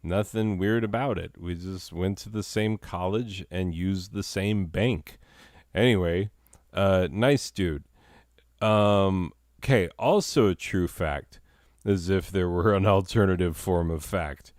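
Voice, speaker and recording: Slow, deep-voiced rambling comedy host. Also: male voice, darkish tone, no echo, studio quality. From Arizona. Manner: self-deprecating, digressive, chuckling asides.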